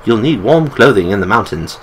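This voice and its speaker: A man's voice: on the low side, expressive, fairly quick, fairly bright tone, slight background noise, poor audio. A man voicing a sly old British shopkeeper with a pipe, in a put-on British accent and cheery sales patter. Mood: cheery sales pitch.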